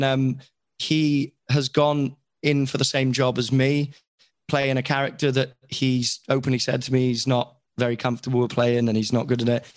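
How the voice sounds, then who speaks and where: A man's voice: mid-range voice, dry recording. Frank Welsh man, dry close sound. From Wales. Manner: frank, rambling and self-critical. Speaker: voice actor guest. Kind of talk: candid conversational chat.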